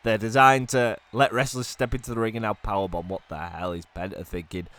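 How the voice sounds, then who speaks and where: A man doing excited play-by-play commentary on a wrestling video game while ill, dropping to low mutters and then bursting into shouts. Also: fairly quick. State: ill, coughing.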